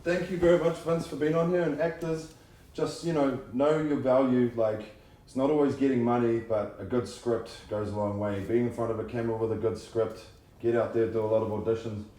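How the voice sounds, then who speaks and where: A man hosting a casual interview chat, talking in a relaxed and encouraging way. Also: mid-range voice, brisk. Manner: relaxed, encouraging, often backchanneling. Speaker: host. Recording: roomy, distant mic with faint noise.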